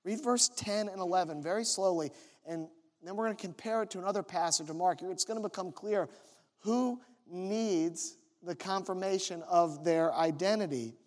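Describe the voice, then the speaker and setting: High-voiced man preaching a sermon. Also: darkish tone. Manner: measured teaching, reads scripture slowly and stresses key words.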